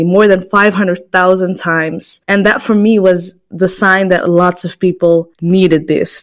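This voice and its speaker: A woman in her twenties from Belgium, hosting a podcast and telling her own story in a reflective, personal monologue. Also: lowish voice. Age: 20s. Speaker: podcast host.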